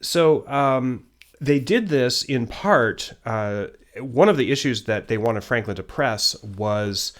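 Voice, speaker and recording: A man teaching a history lesson in a loose, conversational way, pausing often with ums and uhs. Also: medium pitch, expressive. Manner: conversational, many ums and uhs, self-deprecating asides. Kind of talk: unscripted history lecture.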